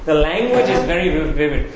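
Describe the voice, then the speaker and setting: Emphatic preacher in an echoey hall. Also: male voice, a little high, animated, very noisy. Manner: emphatic, repeats phrases, slows on key words. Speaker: pastor. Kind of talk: sermon. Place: church sanctuary. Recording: very echoey hall, faint ambience.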